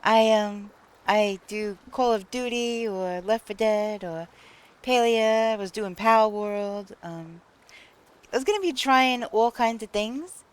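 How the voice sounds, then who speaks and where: Slow-talking woman with a New York accent. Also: medium pitch, clean tone. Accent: Long Island New York. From Long Island, New York. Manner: chatty, laughs often, answers chat. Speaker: streamer. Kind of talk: casual live-stream chat with viewers.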